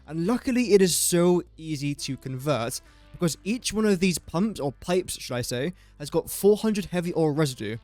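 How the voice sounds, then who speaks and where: A man's voice: on the high side, lively intonation, normal speed, darkish tone, no room sound, faint music behind. A young man from England with an English accent, giving chatty, self-deprecating gameplay commentary as he builds. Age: young adult. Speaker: gaming YouTuber.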